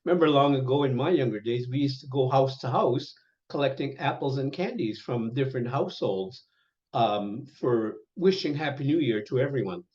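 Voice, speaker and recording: An older man teaching an online language lesson, speaking slowly and patiently and repeating each word several times over a video call. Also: mid-range voice, expressive, darkish tone. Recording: dull lo-fi webinar audio.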